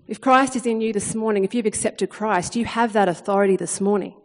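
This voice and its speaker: A woman in her thirties preaching a sermon in a chatty, animated way, acting out the lines she quotes. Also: mid-range voice, a little fast. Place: church hall, long reverb. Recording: reverberant hall sound.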